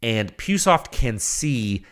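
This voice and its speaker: A man hosting his own podcast, talking in a rambling, excitable way and acting out the reactions he quotes. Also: medium pitch, slow, smooth. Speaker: podcast host. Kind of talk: casual solo podcast monologue.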